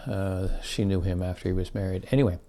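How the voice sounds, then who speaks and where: A man's voice: low voice, steady tone, a little fast, mellow. An older man casually reminiscing about his school days, rambling and correcting himself as he goes. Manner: rambling, self-correcting, chuckling. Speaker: storyteller.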